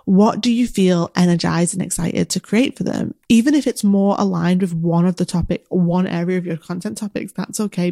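Woman, business coach, encouraging casual Q&A, chatty with fillers, dry close sound, slight fry. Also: on the low side, darkish tone, no echo. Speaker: business coach answering listener questions. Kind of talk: casual solo Q&A advice.

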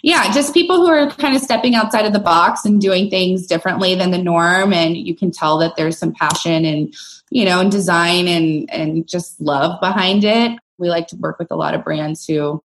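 Relaxed woman interview guest, lower voice, casual and easygoing. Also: moderate pace. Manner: relaxed, easygoing, filler-heavy. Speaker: guest, brand co-founder.

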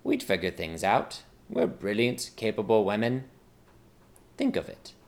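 A ruthless young queen from a comic fantasy story, haughty and sneering, as a man puts her on. She schemes coldly and looks down on everyone. The tone stays low and close. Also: wildly swooping pitch, a little slow, heavily acted. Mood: scheming.

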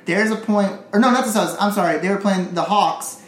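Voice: medium pitch, fairly quick. A podcast co-host in casual sports chat, swearing freely, rambling, and trailing off mid-thought. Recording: echoey room, faint hiss.

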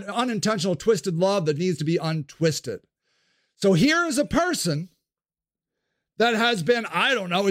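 High, lively man in a profane rant. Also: dry recording, studio quality. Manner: impassioned, profane, ranting. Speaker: podcast host. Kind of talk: spoken-word monologue.

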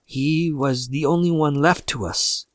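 A man reading the part of an older father, insistent at first, then hushed and dazed. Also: a little high, unhurried, no echo, clean studio sound, close to an everyday voice. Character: stubborn old father, later dazed with grief.

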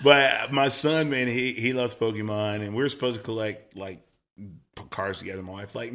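A man's voice: mid-range voice, moderate pace, a bit bright. A man in his forties, a pastor, chatting casually and telling family stories with lots of laughter and acted-out quotes. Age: 40s. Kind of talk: casual chat.

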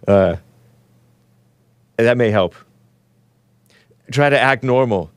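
A man's voice: mid-range voice, drawn-out words, long pauses, no room sound. A man hosting a live call-in stream, rambling casually, laughing often and reading viewer comments aloud. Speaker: show host.

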